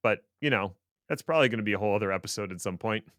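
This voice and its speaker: A man's voice: fairly low pitch, animated, rapid-fire, a bit bright, no room sound. A man co-hosting a tech podcast, explaining things casually with dry, sarcastic asides. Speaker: podcast co-host.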